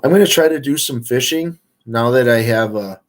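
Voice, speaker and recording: A man's voice: mid-range voice, normal speed. A man hosting a casual livestream, talking in a rambling, easygoing way with lots of fillers. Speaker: outdoors livestream host.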